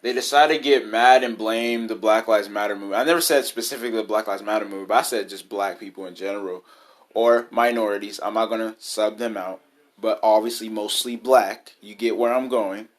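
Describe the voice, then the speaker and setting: A man's voice: fairly low pitch, a little fast. A young man talking straight to his camera in a casual opinion vlog, using loose slang and rambling until he gets heated and emphatic. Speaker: vlogger.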